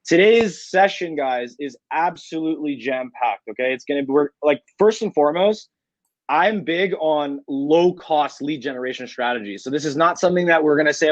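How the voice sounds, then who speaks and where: A Canadian man presenting an online business workshop, energetic and often checking in with "okay?". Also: on the high side, moderate pace, no room sound. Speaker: workshop speaker. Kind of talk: webinar presentation. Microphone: online video call. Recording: dull dry webinar audio.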